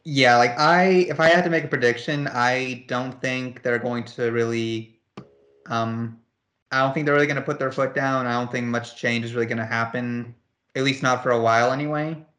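A man co-hosting a casual gaming podcast, ranting in an animated, exasperated way and leaning on "like" a lot. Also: mid-range voice, normal speed. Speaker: podcast co-host.

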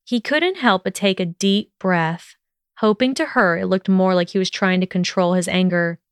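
A woman narrating a fan fiction story in a steady, even storytelling manner. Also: mid-range voice, normal speed, smooth, no echo.

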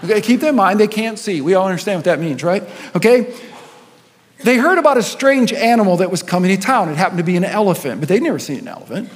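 A man's voice: high-pitched, animated, fast. A man, a senior pastor, preaching a sermon with storytelling and rising and falling intensity. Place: church auditorium. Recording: long hall reverb.

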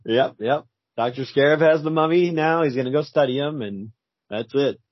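A man's voice: medium pitch, moderate pace, dry recording. A man co-hosting a podcast, chiming in with laid-back agreement and wry jokes during a casual chat. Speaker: podcast co-host. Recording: dull lo-fi dry recording.

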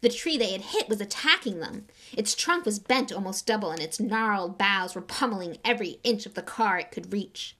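A woman's voice: medium pitch, animated, normal speed, hardly any pauses, pushed and bright. A woman narrating a storybook aloud, dramatic, dropping to a whisper at tense moments. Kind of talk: audiobook reading.

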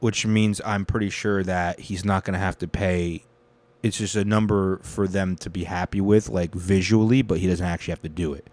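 A man's voice: low-pitched, steady tone, moderate pace, a little mellow. A young man hosting a casual news commentary, rambling and swearing freely. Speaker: show host.

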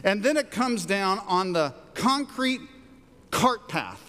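A middle-aged man preaching a sermon, an animated storyteller who jumps up in pitch for quoted lines. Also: slow. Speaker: pastor. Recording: long hall reverb.

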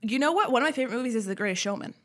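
A young woman co-hosting a casual church podcast, bubbly and excitable, laughing often. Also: fairly high pitch, rapid-fire. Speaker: podcast co-host. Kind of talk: casual chat.

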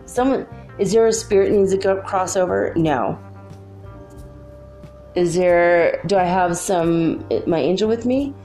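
Alone in her room at home, a woman vlogs casually about spiritual matters in a medium-pitched, dark-toned voice. She's chatty and rambling, leaning on "like" a lot.

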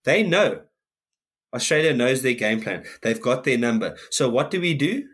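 A man's voice: medium pitch, expressive, moderate pace, fairly bright tone, husky. A man, co-hosting a podcast, ranting heatedly in casual chat and swearing often. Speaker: podcast co-host.

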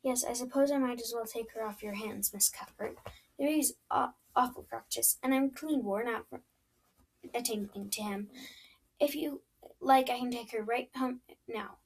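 A woman reading the part of a sharp-eyed, blunt farm wife who talks curtly and demands things. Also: on the high side, moderate pace, breathy edge. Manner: curt and demanding.

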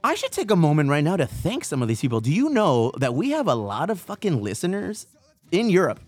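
A man's voice: fairly high pitch, huge pitch swings, fairly quick, a little mellow, no echo. A man hosting a podcast in casual chat, swearing a lot and rambling in slang. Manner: profane, slangy and rambling, calls people dog and bro. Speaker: podcast host.

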